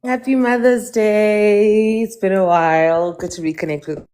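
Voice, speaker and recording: A woman listener joining a live talk, polite and soft-spoken, with some hesitations. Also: mid-range voice, steady tone, measured pace, smooth. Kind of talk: casual chat.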